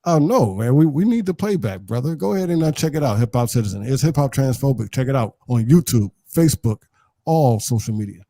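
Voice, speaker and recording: A man's voice: medium pitch, animated, brisk, dark tone, no room sound, clean studio sound. Playful laughing man host. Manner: playful and laughing, teasing banter. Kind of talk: casual chat.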